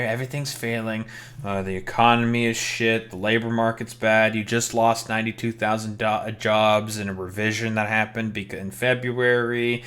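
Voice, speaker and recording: A man's voice: on the low side, little pitch movement, normal speed, fairly bright tone. Profane young man ranting on stream. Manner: profane, heated, rambling. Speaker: political commentary streamer. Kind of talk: reacting to a press conference, casual rant.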